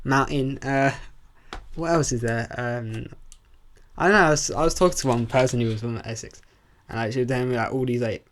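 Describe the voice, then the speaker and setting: A young man co-hosts a podcast in easy, casual chat. He talks haltingly and circles back on himself, filling gaps with little restarts. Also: medium pitch. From southern England. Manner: halting, full of likes and restarts. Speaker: podcast co-host.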